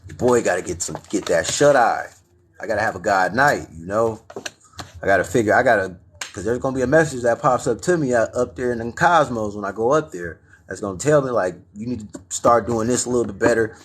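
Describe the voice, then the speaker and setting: A man with a husky, slightly breathy voice talks to his live stream audience late at night. He speaks in loose, casual slang and keeps calling his viewers family as he urges them to follow their passion. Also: fairly low pitch, fairly quick. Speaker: livestream host.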